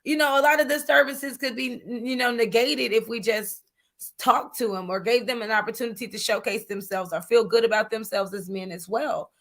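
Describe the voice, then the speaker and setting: A woman guest in an interview, telling her business story in a lively, chatty way, calling people "honey" and using many fillers. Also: a little high, a little fast. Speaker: guest entrepreneur. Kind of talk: animated interview talk.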